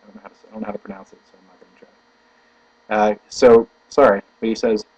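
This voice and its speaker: A man with a husky, slightly breathy voice reads philosophy aloud with slow, deliberate emphasis, then drifts into halting, searching commentary. The recording is dull and lo-fi, with a faint mains hum under a dry, close sound. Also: on the low side, lively intonation, a little mellow, no echo. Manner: halting, searching for words mid-sentence; slow, deliberate emphasis when reading passages. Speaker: video blogger reading philosophy aloud. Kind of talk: reading aloud then thinking out loud.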